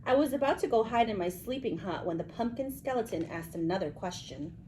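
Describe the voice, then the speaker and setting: A woman reading a children's book aloud with animated storytelling. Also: fairly high pitch, brisk, slight background noise, low-quality recording. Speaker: reader.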